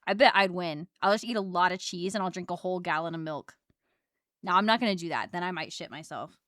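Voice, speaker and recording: Woman streamer, casual chat while drawing; crisp, clean voice, loud excitable reactions. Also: on the low side, fast, no echo, studio quality. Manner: chatty, reacts loudly to chat with squeals and laughs.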